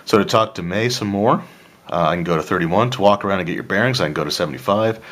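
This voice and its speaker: Deep-voiced man reading a solo gamebook aloud. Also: fast, a bit bright. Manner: casual, with asides and throat-clearing. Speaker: player of a solo tabletop adventure.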